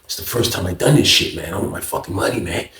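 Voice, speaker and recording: A man voicing a young male inmate dealer who talks low and insistent, edgy and demanding about his money. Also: lively intonation, fast talker, fairly bright tone. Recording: roomy echo.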